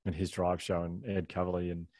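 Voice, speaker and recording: A middle-aged man with a deep voice tells a personal story at a rapid clip. He rambles and often breaks off to restart his sentences. The sound is dry and close. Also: little pitch movement, darkish tone, dry recording. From Australia. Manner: fast, rambling, self-interrupting with restarts. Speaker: author and guest. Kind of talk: candid conversational storytelling.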